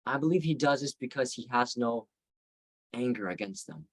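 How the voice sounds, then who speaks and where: A man's voice: medium pitch, expressive, normal speed, dry recording, low-quality recording. A man teaching a Bible study, retelling the story reflectively with frequent restarts.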